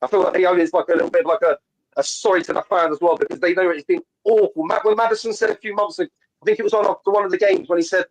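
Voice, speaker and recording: A man's voice: high-pitched, fast talker, low-quality recording. A man calling in to a fan show over a video call, talking passionately about football in a casual way with many restarts. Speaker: caller.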